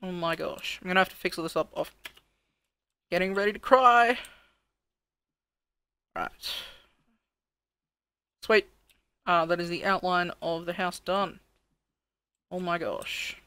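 A let's play host giving casual gameplay commentary, thinking aloud, counting out loud while building, and grumbling at his own work. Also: medium pitch, fairly even intonation, takes it slowly, pauses often, clear, resonant tone, no room sound.

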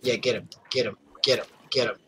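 A man's voice: mid-range voice, fairly even intonation, brisk, a bit bright, a little hiss or hum. A man leading friends through a zombie game on voice chat, giving directions and correcting them. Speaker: gamer leading the group. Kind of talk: casual gaming chat. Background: game music.

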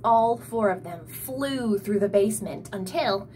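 A young woman with an energetic, bubbly manner, reading her own children's story aloud. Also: medium pitch, a little slow, a little hiss or hum. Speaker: storyteller and author.

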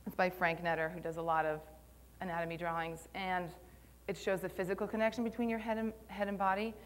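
A woman's voice: on the low side, flat delivery, fast. A young woman giving a live conference talk on posture, conversational and a little nervous, with plenty of ums. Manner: conversational, filler-heavy, slightly nervous. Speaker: conference speaker on posture and Pilates. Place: conference room.

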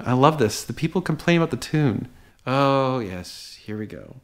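A man's voice: mid-range voice, animated, normal speed. A man who runs a car dealership, reading out buyer messages and reacting to them in a sarcastic, exasperated, blunt way. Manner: blunt and dismissive.

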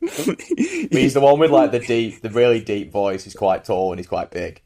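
A man's voice: on the low side, animated, moderate pace, dark tone. A man co-hosting a podcast, chatting loosely about a film with lots of fillers and swearing. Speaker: podcast co-host. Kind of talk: casual movie-recap chat.

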